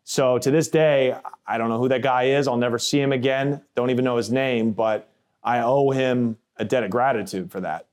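Man, blunt plainspoken storyteller, casual and cursing, mid-pitched voice. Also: moderate pace, a little mellow, a little hiss or hum. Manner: acts out others' voices in quotes. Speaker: former prisoner telling his story. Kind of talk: first-person storytelling podcast.

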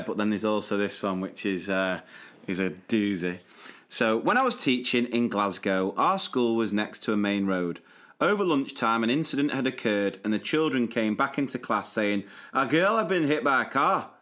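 A man's voice: mid-range voice, a bit bright. A man co-hosting a podcast, chatting casually and reading listener stories aloud with playful emphasis. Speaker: podcast co-host.

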